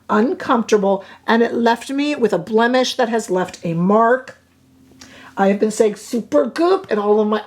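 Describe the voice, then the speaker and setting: A woman's voice: mid-range voice, a little mellow. A woman casually reviewing makeup products in a vlog, chatty and opinionated with playfully dramatic asides. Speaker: beauty reviewer.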